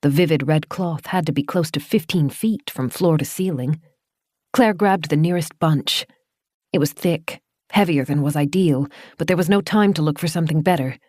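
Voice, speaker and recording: A woman narrates a horror audiobook in a low, steady voice. Her delivery is measured and even. The studio recording is close and dead dry. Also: dry recording.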